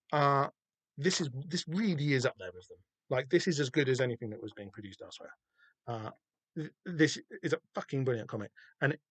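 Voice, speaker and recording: A man with a Southern English accent hosting a podcast, chatting casually and excitedly about a comic, swearing freely and rambling with lots of fillers. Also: medium pitch, no echo. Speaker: podcast host. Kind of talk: casual comic book discussion.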